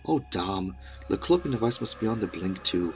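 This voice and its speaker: A man voicing a frantic older male scientist with a thick Scottish accent, explaining things in a brisk, matter-of-fact way. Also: low-pitched, animated, creaky, soft background music. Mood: distracted.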